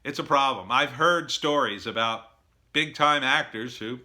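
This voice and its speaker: In an unhurried, casual monologue, a middle-aged man bluntly shares screenwriting advice. His pitch is ordinary, yet his voice is strikingly bright and forceful; he's opinionated, leans on lots of fillers, and performs other people's quotes.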